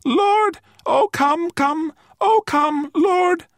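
A timid little furry creature pipes in a thin, quavering voice, pitched very high and pushed loud. It sounds earnest and frightened in a dry, close recording. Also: male voice, very slow, no echo, heavily acted. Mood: pleading. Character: tiny terrified furry creature, piping and quavering.

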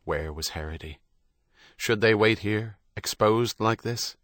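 Reading a novel from a script, this male audiobook narrator tells the story in a steady, measured way. His voice is lowish, with no echo and a clean studio sound.

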